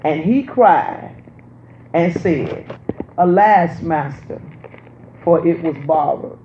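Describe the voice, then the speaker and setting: A man preaching a sermon, emphatic and repetitive, swinging from loud to hushed. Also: fairly high pitch, takes it slowly, slight background noise. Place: church sanctuary. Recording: roomy, dull sound with faint ambience.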